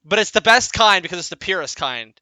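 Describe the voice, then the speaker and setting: A man's voice: high-pitched, animated, fairly quick, bright, forceful tone, clear, resonant tone, no echo. A young man narrating casually as dungeon master, who laughs often and trails off and restarts his sentences. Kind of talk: casual tabletop game narration.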